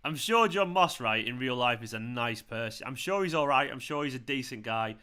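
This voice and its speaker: A man's voice: mid-range voice, lively intonation, fairly quick, smooth. A man hosting a live football watchalong stream, ranting and swearing at the referees. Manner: ranting, swearing, shouting in celebration. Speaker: football fan channel host. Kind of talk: live match watchalong commentary.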